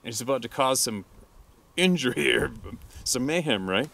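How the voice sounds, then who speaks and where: A man's voice: medium pitch, moderate pace, vocal fry. A middle-aged man, a hunting guide, telling a crude story casually and laughing often. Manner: laughs often, crude and animated when quoting.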